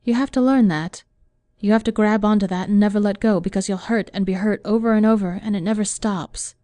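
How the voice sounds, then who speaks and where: A woman reading a weary, gentle consoling lover. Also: mid-range voice, a little fast, no room sound, natural voice. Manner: calm, consoling.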